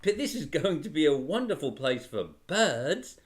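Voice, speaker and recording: A grand, self-important teenage boy from a storybook who declares everything like a royal decree, as a man puts him on. He sounds older than he is, with a lively, rising and falling delivery. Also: a little high, normal speed. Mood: regal.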